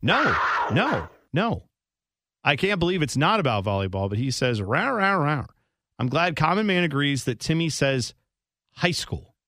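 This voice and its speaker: A man's voice: fairly high pitch, big pitch swings, moderate pace, a bit bright, no room sound. A man hosting a sports radio show in casual talk, dry and playful, stretching out his questions and explaining games at length. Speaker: radio host.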